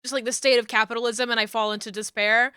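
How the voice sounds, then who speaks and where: Giggly woman streaming, bright tense voice, kinda high, swears a lot. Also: flat delivery, quick pace, clear, resonant tone, no echo, clean studio sound. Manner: giggly, laughs often, swears casually. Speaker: streamer and 3D rigger. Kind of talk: casual live-stream chat while working.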